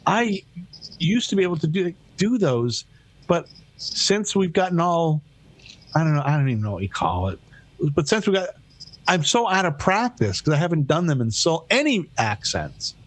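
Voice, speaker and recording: A man co-hosting a casual podcast, a former radio broadcaster who talks in an animated, profane way with many stumbling restarts. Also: fairly high pitch, moderate pace. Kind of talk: casual chat.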